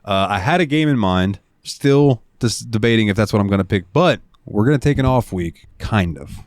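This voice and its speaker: A man with a lowish voice hosts a gaming podcast, talking in a loose, rambling way and swearing now and then. The sound is dry and close, with little room around it. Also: animated, normal speed, dry recording. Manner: laid-back, rambling, swears casually. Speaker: podcast host. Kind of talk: casual chat.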